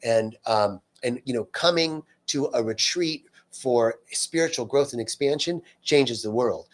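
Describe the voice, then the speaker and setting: A man's voice: mid-range voice, measured pace. An earnest man leads a live-streamed spiritual talk in a mid-range voice. He speaks off the cuff, restarting phrases and stacking repeated words for emphasis as he answers viewers. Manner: loose and unscripted, frequent fillers and restarts.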